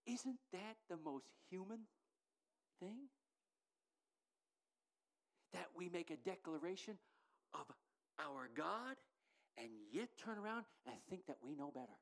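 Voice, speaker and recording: A middle-aged woman preaching a sermon in an animated, emphatic way that builds to loud declarations. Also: lowish voice, takes it slowly, pauses often.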